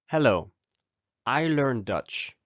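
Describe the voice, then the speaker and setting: A man teaching a scripted language lesson, giving phrases slowly and with pauses so learners can repeat after him. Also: mid-range voice, expressive, no echo, lo-fi sound. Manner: slow, deliberate model pronunciation with pauses for repeating.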